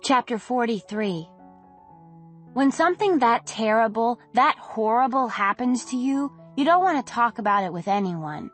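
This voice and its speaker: A woman reading a novel aloud in the first person, in a gentle, unhurried manner. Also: a little high, expressive, soft background music. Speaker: audiobook narrator. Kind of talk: first-person audiobook narration.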